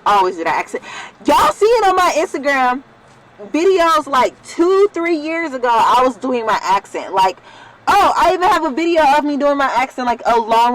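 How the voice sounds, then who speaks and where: A young adult woman talking casually to her viewers in a vlog, rambling, loose and excitable, with some swearing. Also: on the high side, moderate pace, slight background noise, low-quality recording. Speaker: vlogger.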